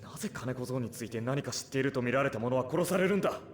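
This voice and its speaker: A man's voice: mid-range voice, lively intonation, very fast, natural voice. A man voicing a grim young swordsman. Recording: game audio with clear background noise.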